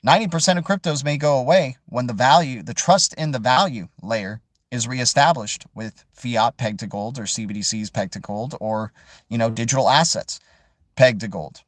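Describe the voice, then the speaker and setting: A man's voice: mid-range voice, moderate pace, no echo, clean studio sound. A man hosting a casual live chat stream, rambling and joking with viewers and calling them "dude" and "man". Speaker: crypto livestream host.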